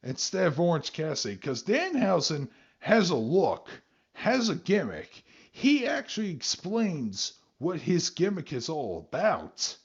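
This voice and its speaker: Animated husky-voiced man on a podcast. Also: a little high, measured pace. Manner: animated, swears freely. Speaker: podcast host. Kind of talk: casual chat. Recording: dull lo-fi sound.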